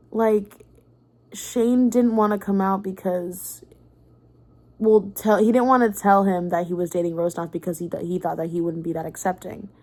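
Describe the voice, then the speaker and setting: Excitable young woman ranting casually. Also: medium pitch. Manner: excitable, swears freely, lots of fillers. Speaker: book vlogger.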